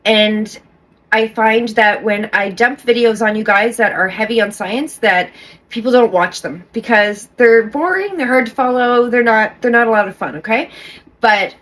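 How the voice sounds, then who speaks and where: A woman's voice: on the high side, moderate pace, fairly bright tone. A middle-aged woman talking casually to camera as a vlogger, rambling with restarts and often checking in with "okay?".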